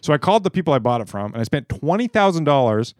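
A man's voice: a little high, dry recording, studio quality. A man co-hosting a casual podcast, ranting freely and swearing as he tells a story. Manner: fast, lively, swears freely while ranting. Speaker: podcast co-host. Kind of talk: casual chat.

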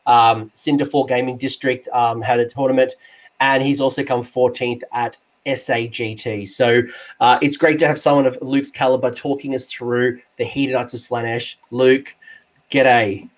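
Man, Australian accent, podcast host, casual chat, jokey, excitable, mid pitch. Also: normal speed. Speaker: podcast host and tabletop game coach.

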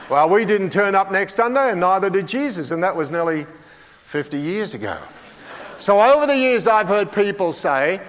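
Older preacher with a high voice in a reverberant hall. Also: male voice, expressive, brisk. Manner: folksy, humorous, asks the congregation questions. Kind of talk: sermon.

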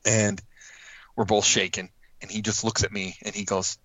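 A man's voice: on the low side, moderate pace, dry recording, lo-fi sound. A man casually telling a hunting story, acting out quotes and laughing as he goes. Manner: animated, acts out quotes with laughs.

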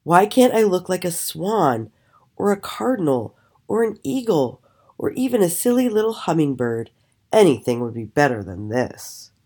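A woman's voice: on the low side, very animated, normal speed, darkish tone, slightly rough. A woman voicing a vain, boastful young male raven in a storybook reading, with a showy, whining manner. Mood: excited.

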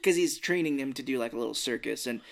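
A man's voice: medium pitch, fast talker, gravelly. Chatty man retelling a movie. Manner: retells scenes with acted quotes and chuckles. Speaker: podcast co-host. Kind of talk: casual movie chat.

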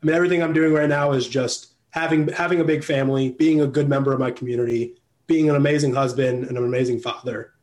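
A young man chatting as a guest, loose and rambling, leaning on "like" and "you know" and breaking into laughs. His voice sits at an ordinary middle pitch. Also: fairly even intonation, quick pace, a little mellow. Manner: rambling, filler-heavy, laughs often. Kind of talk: casual interview chat.

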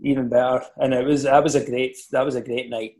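A Scottish man, a former footballer, chatting casually and telling animated stories with laughs. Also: mid-range voice, a little fast. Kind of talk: casual podcast chat.

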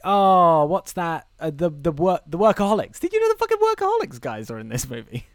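This is a man hosting a comedy podcast in casual chat. His voice sits a little high and the recording is dry and close. He gets excited, swears freely and laughs through his lines. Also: a little fast, no room sound. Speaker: podcast host.

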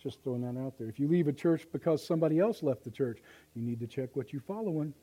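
A male pastor preaching live in church, folksy and impassioned, swinging from hushed asides to loud appeals. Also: medium pitch, lively intonation, fast talker, breathy edge, low-quality recording. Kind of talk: sermon.

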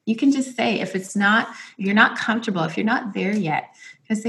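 A woman's voice: medium pitch, brisk, gravelly, fairly bright tone. A woman hosting a casual conversation, encouraging and direct as she gives advice.

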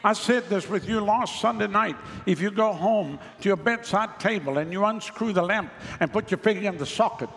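Gravelly preacher man in a big hall. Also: high-pitched, moderate pace, hardly any pauses, a bit bright. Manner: conversational preaching, mocking asides. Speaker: pastor. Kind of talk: sermon.

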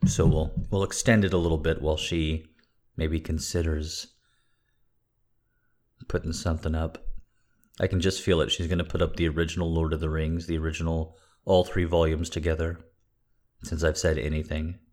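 A man's voice: very deep voice, little pitch movement, normal speed, long pauses, darkish tone. A man hosting a livestream, chatting casually and rambling with jokes and lots of swearing as he thanks supporters. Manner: rambling, profane, joking. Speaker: livestream host reading requests for patrons.

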